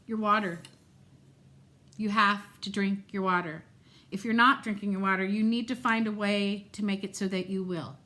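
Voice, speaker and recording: A middle-aged woman chatting casually in a home vlog, animated and quick to laugh. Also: medium pitch. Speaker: vlogger. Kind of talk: casual chat.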